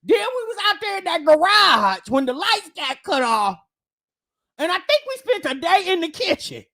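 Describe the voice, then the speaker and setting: A woman hosts a comedic live stream. Her voice sits very high and sounds bright and sharp, and her pitch swings widely as she teases her guest with loud banter. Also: sing-song, normal speed. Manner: loud teasing banter, mimics stammering. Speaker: livestream commentator.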